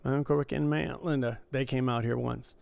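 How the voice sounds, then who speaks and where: Man from michigan, podcast host, gravelly voice, dry close sound, easygoing, self-deprecating. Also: medium pitch, steady tone, brisk, a little mellow, dry recording. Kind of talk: casual chat.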